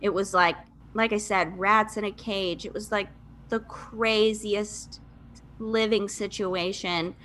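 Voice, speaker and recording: Bright-voiced chatty American woman. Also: medium pitch, steady tone, takes it slowly, slight background noise. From Michigan, USA. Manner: candid, chatty, lots of fillers and self-deprecating laughs. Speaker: podcast guest. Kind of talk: casual conversational storytelling.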